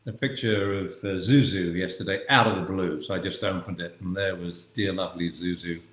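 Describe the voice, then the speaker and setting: A man's voice: sits low, steady tone, fairly quick, fairly bright tone, reverberant. An older man chatting wryly on a casual live video call, telling stories with a dry sense of humor. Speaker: dog trainer and show regular.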